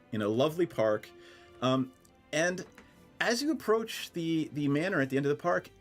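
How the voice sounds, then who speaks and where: A man running a tabletop game as game master, narrating in a relaxed way with fillers. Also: fairly high pitch.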